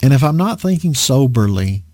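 A man's voice: mid-range voice, normal speed, no echo, studio quality. A man preaching a conversational sermon, teaching a Bible lesson and asking his listeners rhetorical questions. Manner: animated, asks the audience rhetorical questions.

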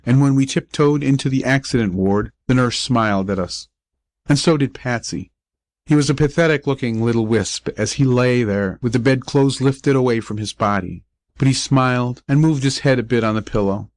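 A man reading a short story aloud as an audiobook narrator, measured and even. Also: mid-range voice, dry recording. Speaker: audiobook reader.

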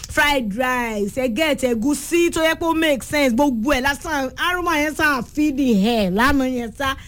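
High-voiced Nigerian woman hosting call-in radio. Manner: teasing, chatty, switches between languages. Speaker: radio game show host.

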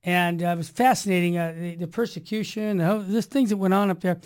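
A woman hosting a Catholic talk radio show, speaking emphatically in an energetic, preachy monologue. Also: lowish voice, brisk. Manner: emphatic, preachy, energetic, swinging loud and soft. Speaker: radio host.

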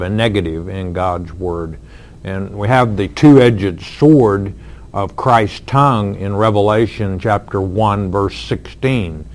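A man preaching a sermon, explaining scripture in an earnest way with frequent fillers. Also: on the low side. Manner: earnest, slow, with fillers and emphatic lines. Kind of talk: expository sermon.

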